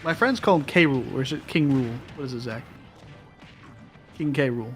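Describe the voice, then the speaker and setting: A man co-commentating a broadcast in casual chat, playful and halting with frequent fillers. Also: mid-range voice, faint music behind.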